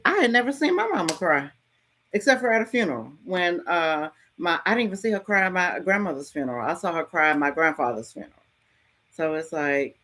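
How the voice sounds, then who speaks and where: Frank, casual middle-aged woman host. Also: fairly low pitch. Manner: frank, casual, lively storytelling with mild swearing. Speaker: podcast host. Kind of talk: candid motivational talk.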